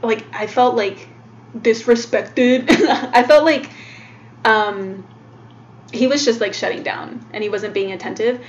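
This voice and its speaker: A woman's voice: a little high, slow. A woman co-hosting a podcast in casual chat, talking freely with many fillers and curse words. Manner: chatty, full of "like" and swearing. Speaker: podcast co-host. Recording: dull lo-fi sound with faint noise.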